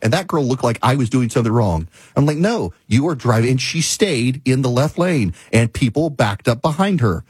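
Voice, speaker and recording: A man's voice: mid-range voice, expressive, moderate pace, hardly any pauses, a little mellow, husky, no room sound. A middle-aged man hosting a talk show, ranting in casual, exasperated commentary.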